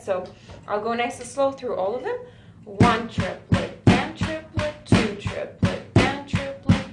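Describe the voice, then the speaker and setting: A woman gives a patient drum lesson in an echoey room, drums ringing loudly behind her. She explains steadily, checking in with "right?" again and again. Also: mid-range voice, gravelly. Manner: patient, counts beats aloud, says "right?" often. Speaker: drum teacher. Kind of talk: music lesson for a student. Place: music school room with a drum kit. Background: drum playing.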